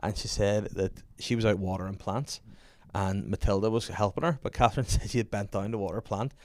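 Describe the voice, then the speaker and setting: A man, hosting a casual podcast and telling animated, sweary stories about his kids with frequent laughter. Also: on the low side, fairly quick, no echo. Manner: animated storyteller, laughs often, swears freely. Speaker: podcast host. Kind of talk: casual chat.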